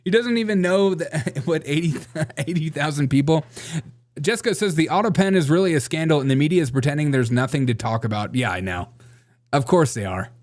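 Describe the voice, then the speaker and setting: A man's voice: a little high, lively intonation, fairly quick, darkish tone. A man hosting a casual political commentary show, sarcastic and laughing often as he reads out viewer comments. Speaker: show host.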